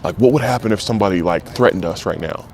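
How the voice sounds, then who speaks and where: A man's voice: on the low side, fast, vocal fry, darkish tone, a little hiss or hum. A man in his thirties, a former football player, speaking openly and emotionally in an interview, swearing freely. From United States. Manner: frank and emotional, swears freely, acts out quoted voices. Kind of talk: candid interview.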